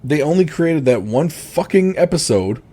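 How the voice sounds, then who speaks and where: A man's voice: on the high side, moderate pace, husky. A man co-hosting a podcast in casual chat, ranting freely and swearing often. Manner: animated, swears freely, exasperated rants. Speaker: podcast co-host.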